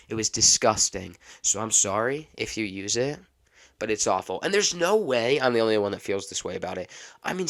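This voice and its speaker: A man's voice: on the low side, vocal fry, fairly bright tone. A man hosting a solo podcast, talking in a rambling, exasperated way. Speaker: podcast host.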